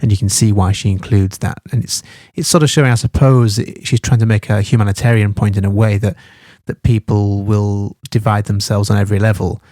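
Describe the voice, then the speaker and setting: A man's voice: fairly low pitch, steady tone, brisk, hardly any pauses, dark tone, no echo, studio quality. A man teaching a study guide, thinking aloud with many fillers and restarts.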